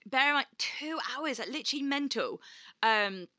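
A woman's voice: high-pitched, animated, moderate pace, pushed and bright, no echo. A woman co-hosting a podcast, telling stories animatedly and swearing freely as she acts out quotes. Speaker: podcast co-host. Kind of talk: casual chat.

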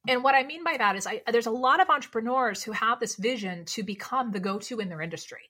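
A woman speaking coach, a podcast guest, talking in a lively, casual way and firing off rhetorical questions. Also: a little high, quick pace.

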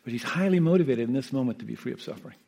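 Gravelly, husky man telling a gentle story. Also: mid-range voice, animated. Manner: gentle, unhurried, often asks "Yeah?" and "you know". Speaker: meditation teacher and hospice caregiver. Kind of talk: reflective storytelling talk.

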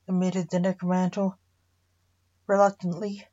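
Woman reading a story out, slow, kinda muffled. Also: medium pitch, steady tone, warm tone. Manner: plain, unhurried reading. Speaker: narrator. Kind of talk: storybook narration. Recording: dull lo-fi recording.

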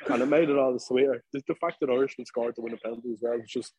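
A man with a Dublin accent, co-hosting a podcast and telling an animated, casual story full of fillers. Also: mid-range voice, racing, breathy edge, dry recording, poor audio. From Ireland. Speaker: podcast co-host. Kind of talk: casual chat.

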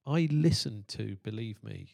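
Gravelly, earnest male interviewer. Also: on the low side, animated, darkish tone. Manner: earnest, measured questions. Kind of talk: conversational interview.

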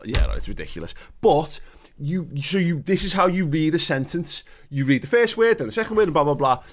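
A man's voice: very animated, fairly quick. A man, co-hosting a casual chat and ranting with lots of swearing. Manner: sweary ranting, swings pitch up when worked up. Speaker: podcast co-host.

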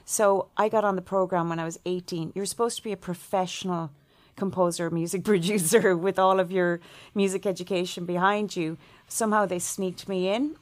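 A middle-aged woman from Ireland, a composer, telling stories in an interview and acting out quoted voices. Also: fairly low pitch. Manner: animated, acts out quoted voices with laughs. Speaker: composer guest. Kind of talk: storytelling interview answer.

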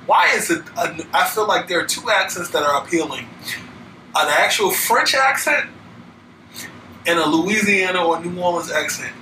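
A man's voice: high-pitched, moderate pace. Host: joking male interviewer, echoey and noisy from far off. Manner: relaxed, joking, curious questions. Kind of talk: casual interview chat.

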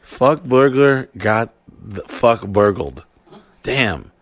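A man's voice: fairly low pitch, lively intonation, drawn-out words, fairly bright tone, no echo. A man co-hosting a podcast in casual chat, cracking crude jokes and riffing in put-on voices. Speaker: podcast co-host.

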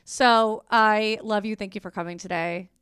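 A woman's voice: medium pitch, fairly even intonation, normal speed, fairly bright tone, clean tone. A young woman hosting a podcast, chatty and gushing as she thanks her guest and jokes with listeners. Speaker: podcast host. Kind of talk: casual podcast chat.

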